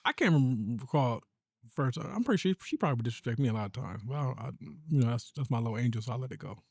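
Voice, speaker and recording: A man's voice: medium pitch, animated, quick pace, creaky, darkish tone, no echo, studio quality. A man co-hosting a podcast in casual chat, telling stories about raising his daughter in an easygoing way. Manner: easygoing storyteller, acts out stern quotes to his daughter. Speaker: podcast co-host.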